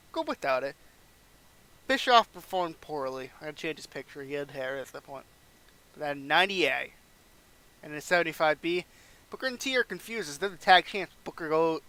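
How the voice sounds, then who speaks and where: A man's voice: a little high, bright, forceful tone, no room sound. A man casually narrating a wrestling management game playthrough, recapping matches and reading scores aloud.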